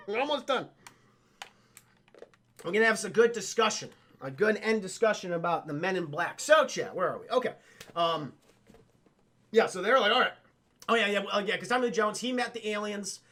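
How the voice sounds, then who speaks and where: A young man streaming a casual, profane film recap to his chat, excitably acting out lines from the movie. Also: high-pitched, fairly quick.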